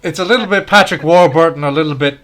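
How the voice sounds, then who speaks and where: A male streamer with a bright, forceful voice chats while he plays, teasing his friends and laughing a lot. Faint game music runs underneath. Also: on the high side, fast talker. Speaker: streamer playing and commentating. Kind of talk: casual chat while gaming.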